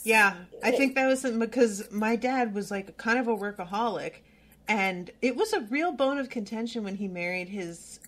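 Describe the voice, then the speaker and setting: A woman's voice: on the high side, moderate pace, fairly bright tone. A woman hosting a casual book-club podcast who talks earnestly and stumbles and restarts when moved. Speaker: podcast host.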